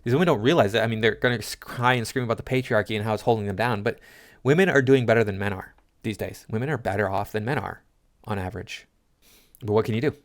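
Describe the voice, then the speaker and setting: A man's voice: lowish voice, fast. A man hosting a commentary channel, reading social media posts aloud and answering them in a scornful, lecturing way.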